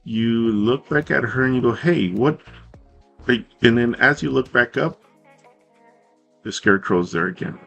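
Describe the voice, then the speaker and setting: A man narrating a tabletop game as game master, in a relaxed, rambling way with fillers and self-corrections. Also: medium pitch, normal speed, vocal fry, lo-fi sound, faint music behind.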